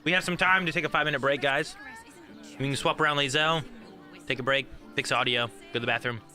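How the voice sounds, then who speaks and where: A man's voice: mid-range voice, steady tone, quick pace, pushed and bright, faint music behind. A man hosting a live game stream, chatting casually, thanking viewers and steering the group. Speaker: streamer and host.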